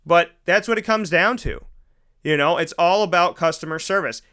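Hosting his own radio show in a studio, a man tells an animated story in casual monologue form, imitating the people he quotes. He has a high-sitting, clean voice and keeps a moderate pace.

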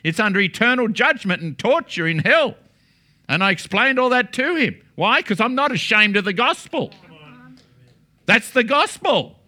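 A male preacher delivering a sermon in an emphatic, declaring manner. His voice sits a little high and sounds bright and sharply forceful. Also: animated, moderate pace. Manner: emphatic, declaring, testimony-style. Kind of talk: sermon storytelling.

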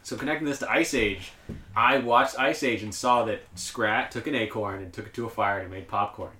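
Animated young man in a roomy echo. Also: lowish voice, moderate pace. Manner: animated, laughs while telling stories. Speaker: podcast co-host. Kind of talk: casual chat about a film.

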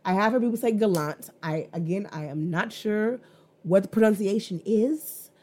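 An excitable woman hosts her own podcast and chats casually about music she loves. She talks with emphatic bursts, slang and the odd curse. Her voice sits at an ordinary middle pitch for a woman. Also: moderate pace. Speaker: podcast host. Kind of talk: casual music review chat.

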